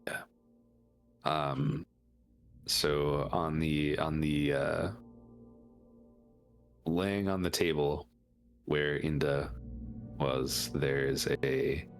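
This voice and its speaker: A man narrating a tabletop game as game master, describing scenes haltingly with many pauses and fillers. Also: rumbling low, steady tone, soft background music.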